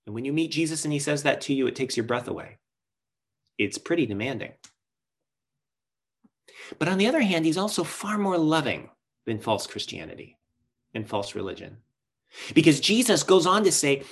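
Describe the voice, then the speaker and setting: A man's voice: fairly high pitch, big pitch swings, normal speed, creaky, long pauses, breathy edge. A man preaching a sermon as pastor, earnest and emphatic, asking rhetorical questions and shifting his pace.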